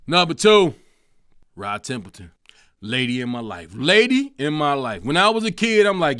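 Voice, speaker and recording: A man, hosting a comedic solo talk show, animated and profane, breaking into sung snippets. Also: high voice, normal speed, smooth, dry recording, clean studio sound. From Chicago. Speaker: host.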